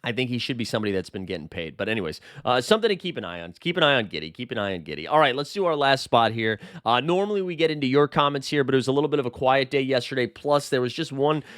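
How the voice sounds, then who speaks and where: A man's voice: mid-range voice, animated, quick pace, few pauses, a bit bright, no echo, studio quality. A man hosting a casual basketball talk show, rambling and opinionated, often correcting himself mid-sentence. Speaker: sports podcast host.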